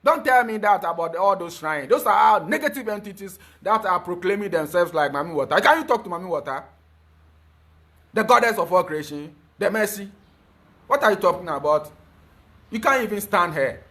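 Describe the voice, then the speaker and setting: A man with a high voice delivers a fervent spiritual talk. He lectures emphatically and keeps stumbling over repeated fillers before pushing on. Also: lively intonation, moderate pace, sharp tone. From Ghana. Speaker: spiritual teacher.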